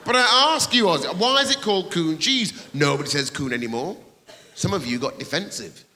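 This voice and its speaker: His high-sitting voice has a sharp edge and lots of animation, moving at a normal speed. The English comic swears and needles the audience in a large theatre, and the reverberant recording carries the crowd's noise.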